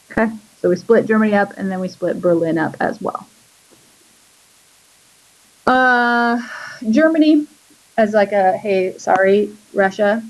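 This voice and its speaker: A woman teacher giving a casual history lesson, chatty and relaxed, using lots of fillers as she draws and explains. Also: mid-range voice, low-quality recording. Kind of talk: casual classroom lecture.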